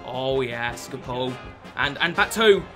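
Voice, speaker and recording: A young British man giving fast, excitable live commentary on a football video game, swearing often and bursting into exasperated outbursts. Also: medium pitch, music in the background. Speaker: gaming YouTuber.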